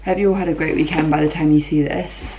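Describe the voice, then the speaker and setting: A woman's voice: low voice, fairly even intonation, fast, dark tone, low-quality recording. A young woman casually chatting through her day as a vlogger, showing food and clothes at home. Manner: chatty, matter-of-fact commentary while showing things. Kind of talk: casual vlog chat. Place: home, indoors. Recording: noticeable background noise.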